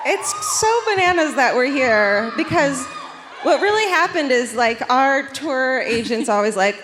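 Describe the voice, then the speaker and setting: A woman co-hosting a live podcast on stage, giggly and excitable, shouting out to the audience. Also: high-pitched, measured pace, crowd noise. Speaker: podcast co-host. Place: concert hall stage before a live audience. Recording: live hall recording with audience noise.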